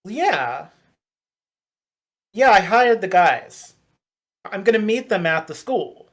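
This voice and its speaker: A game master voicing a weary, grumbling middle-aged male fast food manager who mutters to himself. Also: medium pitch, sing-song, a bit bright, heavily acted.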